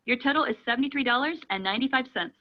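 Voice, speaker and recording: A woman's voice: high-pitched, rapid-fire, natural voice. A woman playing a polite ticket clerk in a scripted lesson dialogue. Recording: dull lo-fi audio.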